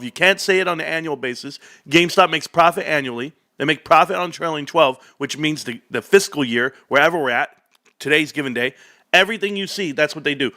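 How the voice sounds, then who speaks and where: Bright-voiced chatty male streamer. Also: on the high side. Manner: chatty, addresses viewers directly. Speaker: livestream host. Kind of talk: casual stock market livestream. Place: home.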